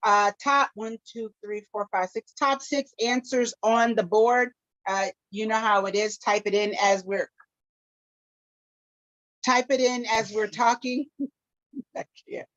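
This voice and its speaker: Chatty higher-voiced woman co-host. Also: fairly even intonation, unhurried, fairly bright tone, dry recording, dull audio. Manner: chatty, laughs often, drops into playful foreign phrases. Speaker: co-host running a game segment. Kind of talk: casual live podcast chat.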